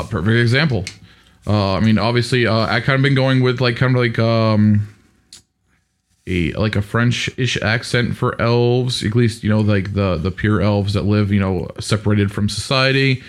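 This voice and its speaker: A man's voice: on the low side, normal speed. A man who runs a tabletop game, explaining in a rambling, casual podcast chat. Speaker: game master.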